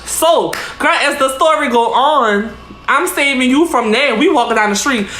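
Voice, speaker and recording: Woman, fairly high voice, casual storytime, swears a lot, keeps saying girl, roomy echo. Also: animated, normal speed, a bit bright. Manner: chatty, profane, keeps calling the listener girl. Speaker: vlogger.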